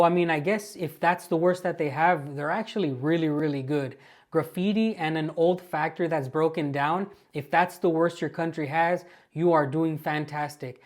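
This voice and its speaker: An American woman hosts her channel, speaking straight to viewers with amused, mocking commentary on clips. Her voice is low-pitched and a little mellow.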